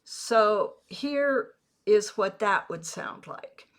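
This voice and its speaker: A woman gives a video lesson, speaking slowly and with care at an ordinary middle pitch. She teaches as a network marketing mentor, going over her example phrases again and again in a deliberate way. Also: expressive. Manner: measured, deliberate delivery with repeated example phrases.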